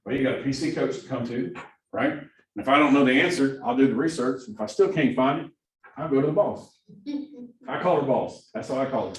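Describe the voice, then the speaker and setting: A man's voice: medium pitch, a little fast. A man with a Southern accent coaching a class of new agents, keeps checking in with "right?". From Missouri. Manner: energetic, keeps asking "right?". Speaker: productivity coach. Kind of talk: classroom training talk. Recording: echoey room from far off, faint hiss.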